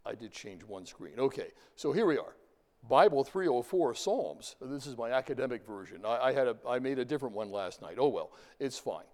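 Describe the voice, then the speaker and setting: Man, university lecturer, mid-pitched voice, lively classroom delivery, reverberant lecture hall. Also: brisk. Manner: lively, talks to class, chants and sings examples.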